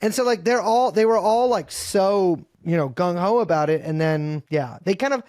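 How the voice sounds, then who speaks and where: A man's voice: high voice, animated, normal speed, a little mellow, dry recording, studio quality. A man as a podcast guest in casual political chat, rambling and profane, full of fillers and restarts.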